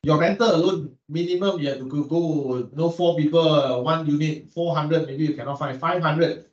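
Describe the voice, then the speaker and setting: A man with a Malaysian English accent gives a classroom lecture, pitched a bit high and caught from a distance. The room rings with echo and the sound is dull. He keeps checking in with the class through quick rhetorical questions. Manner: asks students frequent rhetorical questions; repeats words while searching for them. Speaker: economics lecturer.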